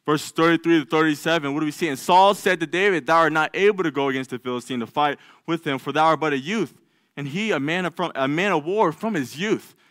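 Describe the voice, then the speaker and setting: A man's voice: fairly high pitch, fast, a bit bright, no room sound, studio quality. A man preaching a sermon in a church, reading scripture aloud and acting out the doubts of biblical figures in a raised voice. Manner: reads scripture aloud, with some stumbles. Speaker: lay preacher.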